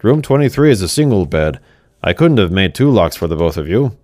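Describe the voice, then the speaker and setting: A man voicing a businesslike male dorm manager who talks in a flat, matter-of-fact way. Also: sits low, fairly quick, no echo, faint music behind.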